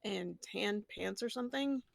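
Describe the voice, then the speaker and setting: A woman's voice: medium pitch, measured pace, creaky, no echo. A woman in a game roleplay, telling what happened in a loose, rambling way.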